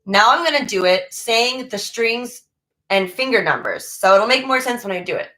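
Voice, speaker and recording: A woman's voice: on the high side, sing-song, moderate pace, sharp tone, low-quality recording. A woman teaching a violin lesson online, who is losing her voice, patiently calling out note names and finger numbers.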